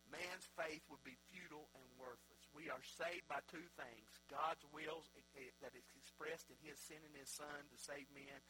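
A man preaching a sermon as a pastor, swinging between loud exclaiming and quiet, hushed passages. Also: mid-range voice, rough recording.

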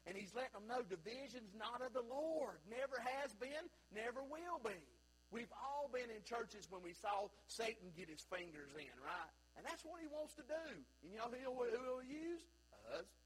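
A man preaching a sermon in a church, swinging from loud, high bursts down to low, quiet stretches. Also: moderate pace, husky, low-quality recording. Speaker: pastor. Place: church sanctuary.

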